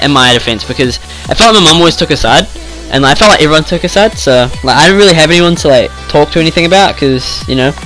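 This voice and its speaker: A man's voice: a little high, bright, forceful tone, poor audio. A teenage boy telling a rambling story in casual chat, swearing often and filling with "like". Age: teens. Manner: rambling, swears freely, lots of "like". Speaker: vlogger.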